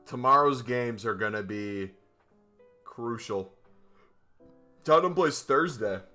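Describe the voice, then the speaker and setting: A male streamer chatting during a live game stream on his microphone, excitable and joking. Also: mid-range voice, takes it slowly, faint music behind. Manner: excitable and joking, with whoops and laughs.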